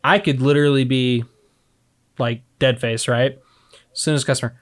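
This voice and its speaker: Male co-host, casual and quick, animated, mid-pitched. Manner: fast-talking, animated, swearing freely. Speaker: podcast co-host. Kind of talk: casual chat.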